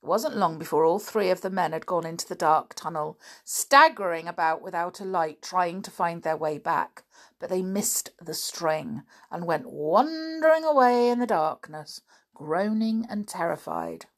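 Woman storyteller, expressive, lively pitch, unhurried. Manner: expressive, dramatic reading. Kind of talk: children's audiobook narration.

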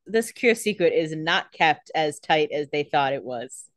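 A woman's voice: deep voice, animated, no room sound, studio quality. A woman co-hosting a podcast, chatting casually and throwing out theories about a TV show. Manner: chatty, speculative, quick asides. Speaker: podcast co-host.

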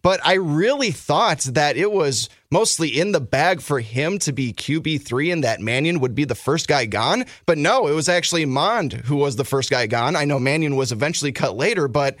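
Brief: excitable male sports podcast co-host, slightly high voice, dry close sound. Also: moderate pace, hardly any pauses, no room sound. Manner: excitable, rambling opinions, bursts of flustered apology.

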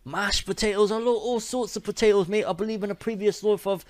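A man putting on a deliberately bad mock Australian accent as a jokey, potato-loving bloke. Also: high-pitched, steady tone, a little mellow, no room sound, pitched above the performer's own voice, close to an everyday voice. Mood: playful.

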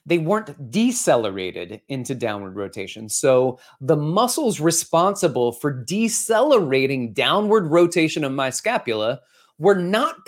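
Male podcast host and fitness educator: mid-pitched and expressive, conversational storyteller. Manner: animated, storytelling, conversational with fillers.

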